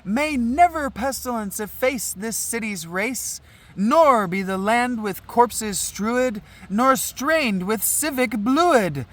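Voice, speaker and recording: Guy reading as a chorus of maidens praying, high lively sing-song, slow and drawn out. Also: heavily acted. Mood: solemn. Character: chorus of young women praying for a city. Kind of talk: dramatic reading of an old play.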